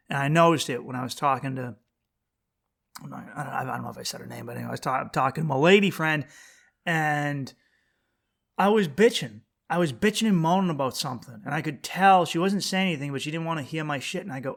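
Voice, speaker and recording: Blunt, rambling man with a raised pitch. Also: expressive, fast talker, vocal fry, a bit bright. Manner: rambling, profane, self-interrupting with frequent restarts; blunt and opinionated, asks rhetorical questions. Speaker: podcast host. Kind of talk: casual solo podcast monologue.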